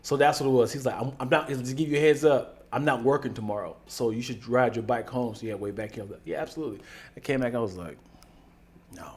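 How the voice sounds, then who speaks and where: A man's voice: medium pitch, fast talker. A man co-hosting a podcast, telling stories in casual chat and jumping into put-on voices. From United States. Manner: animated storyteller, jumps into loud put-on voices. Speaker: podcast co-host.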